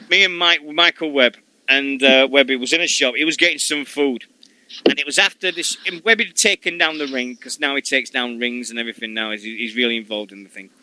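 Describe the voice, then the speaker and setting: Sweary, excitable Sheffield man. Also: mid-range voice, dry recording, rough recording. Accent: Sheffield English. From Sheffield, England. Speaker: radio show co-host. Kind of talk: casual chat.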